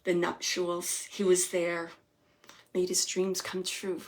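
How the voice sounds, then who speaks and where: A woman hosting a live psychic reading, relaying messages to a sitter in a searching, hesitant way with many fillers and soft, near-whispered asides. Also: fairly low pitch, completely flat delivery, slow pace. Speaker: psychic medium host.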